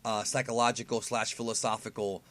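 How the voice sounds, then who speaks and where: A man's voice: lowish voice, flat delivery, brisk, fairly bright tone. A man hosting his own video channel, explaining an idea in an enthusiastic, rambling way, with many fillers and restarts. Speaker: YouTube host. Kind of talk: casual explainer monologue.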